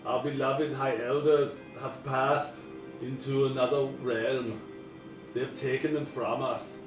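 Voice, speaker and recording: A man voices a grieving male dwarf mage, putting on a German accent and speaking in a formal, halting way. His mid-range voice barely moves in pitch, sounds pushed up but close to everyday speech, and is picked up from a distance. He's in an echoey backyard or living room with music playing.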